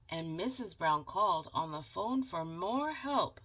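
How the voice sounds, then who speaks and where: Slow, bright-voiced woman reading a picture book. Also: fairly low pitch, slightly rough. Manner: animated, dramatic pauses, chatty asides to viewers. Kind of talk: storybook read-aloud with asides.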